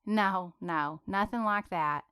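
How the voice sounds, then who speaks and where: A woman's voice: medium pitch, slow, sharp tone, clean tone, no echo, studio quality. A woman voicing a shy, flustered young woman who stammers and hesitates, in a storybook reading.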